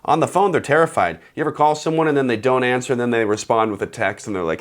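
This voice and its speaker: Thirties male host, comedic advice talk, sarcastic and animated, mid-pitched. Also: quick pace, hardly any pauses. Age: 30s. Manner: animated, sarcastic, acts out phone calls.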